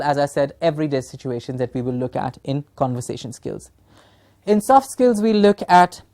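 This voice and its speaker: A woman's voice: fairly low pitch, darkish tone. A woman from Punjab, giving a training workshop lecture to teachers, emphatic and full of rhetorical questions. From Punjab, India. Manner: emphatic, asks rhetorical questions and checks in with "Yes?".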